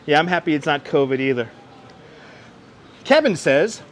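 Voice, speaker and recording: A man's voice: on the high side, very animated, moderate pace, pauses often. Chatty man live-streaming a city walk. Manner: chatty, greets viewers by name, reads chat aloud. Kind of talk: casual live-stream chat while walking. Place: outdoors on city streets. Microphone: wireless clip-on mic. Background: faint street and traffic noise.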